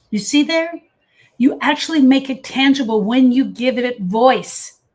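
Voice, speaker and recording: Woman, middle-aged, grief coach, casual livestream talk, earnest and emphatic, fairly high voice. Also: lively intonation, unhurried, a little mellow. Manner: earnest, emphatic, addresses viewers by name. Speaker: grief coach hosting a live session. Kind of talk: casual livestream talk answering viewer comments.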